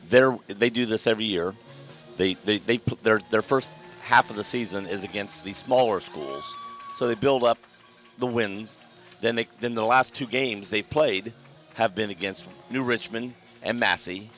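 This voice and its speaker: Hoarse man, very low voice, local football play-by-play, joking banter from the booth. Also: a bit bright. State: hoarse from a sore throat and chest cold. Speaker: play-by-play announcer. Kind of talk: local sports broadcast commentary. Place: indoor press booth at a football field.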